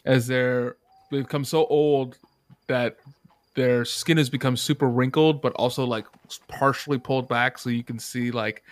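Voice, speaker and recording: A man running a tabletop game as game master, describing scenes in a relaxed way with fillers. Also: mid-range voice, no room sound.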